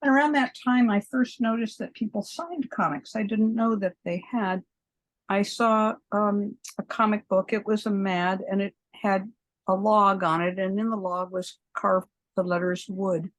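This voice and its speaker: A woman's voice: medium pitch, fairly even intonation, measured pace. A woman in her seventies, a podcast guest, telling long rambling stories and acting out the people in them, often laughing. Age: 70s. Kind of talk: long anecdotal interview storytelling.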